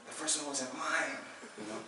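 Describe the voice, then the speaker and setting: Heard through audible noise and the echo of a room captured by a distant mic, a male Buddhist teacher chats informally with students in a meditation hall about the Dharma. His slightly high, creaky voice has lively intonation and a moderate pace, and he repeatedly checks in with "right?" and corrects himself.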